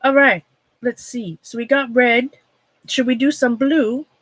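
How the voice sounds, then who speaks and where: A slightly high, bright female voice with fairly even intonation, recorded dry and in low quality. She has a Minnesota accent and hosts an art livestream, demonstrating a craft and chatting casually with viewers as she works. She's chatty and rambling, often cutting herself off mid-thought and laughing a lot.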